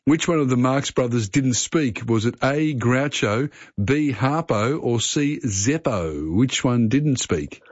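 A man hosting a radio quiz show, chatty and brisk, firing off questions with offhand asides. The sound is dry and slightly dull, as in a close, muffled broadcast mix. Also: medium pitch, expressive, darkish tone, no room sound. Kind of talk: live radio quiz chat.

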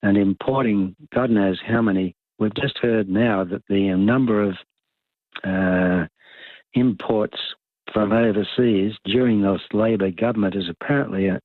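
A man's voice: lowish voice, fairly even intonation, unhurried, dry recording. Blunt older Australian man on a phone line. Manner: blunt, opinionated, rambling. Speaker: caller. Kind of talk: talkback radio call.

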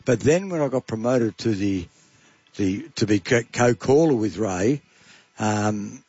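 A man's voice: fairly low pitch, animated, unhurried, darkish tone, husky, dry recording, muffled recording. An older man, a veteran sports caller, casually reminiscing and laughing easily. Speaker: veteran rugby league caller. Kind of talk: casual chat.

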